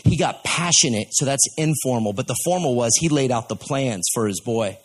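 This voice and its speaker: A man's voice: medium pitch, lively intonation, moderate pace, slightly rough. A man preaching a sermon in a folksy, conversational way, telling stories to his congregation.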